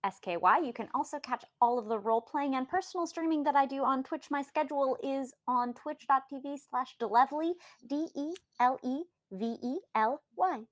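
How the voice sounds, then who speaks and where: A woman playing a tabletop game, with dry, deadpan quips. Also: high voice, normal speed, hardly any pauses. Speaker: player. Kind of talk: casual tabletop play.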